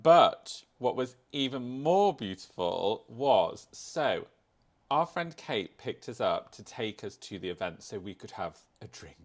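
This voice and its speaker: A man's voice: medium pitch, very animated, a little slow. A man from the UK co-hosting a podcast, chatting playfully with a friend. He tells gossipy stories with relish. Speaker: podcast co-host. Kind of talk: casual chat.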